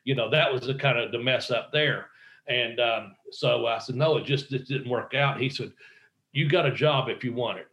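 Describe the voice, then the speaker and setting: A man's voice: mid-range voice, moderate pace, fairly bright tone. A middle-aged man, a guest in an interview, telling a rambling story with swearing and quoted dialogue. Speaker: guest, wrestler. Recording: roomy echo.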